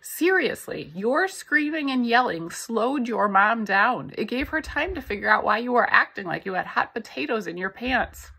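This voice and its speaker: A woman's voice: on the high side, lively intonation, normal speed, gravelly, few pauses, bright, forceful tone, breathy edge, pitched above the performer's own voice, heavily acted. A woman reading the lines of an encouraging young female classroom aide, earnest in manner.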